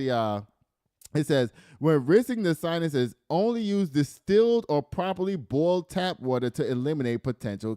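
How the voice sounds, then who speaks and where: Laughing, animated man hosting news riffs. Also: medium pitch, clear, resonant tone, no room sound, clean studio sound. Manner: animated, laughing, reads stories aloud then riffs. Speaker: news commentary host. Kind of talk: casual news commentary.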